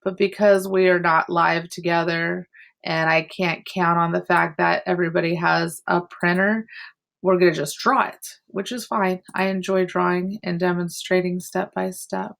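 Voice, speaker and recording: A woman's voice: on the low side, level tone, moderate pace, creaky, fairly bright tone. A woman art teacher teaching an online class from home over a computer mic, explaining step by step with chatty asides. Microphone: computer mic on a video call.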